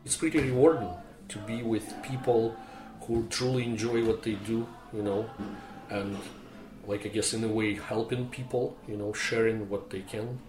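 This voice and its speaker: A man's voice: lowish voice, fairly even intonation, normal speed, echoey room, music in the background, rough recording. A male choir director speaking in an interview with upbeat phrasing. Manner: upbeat, uses "right?" and "you know". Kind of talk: interview speech.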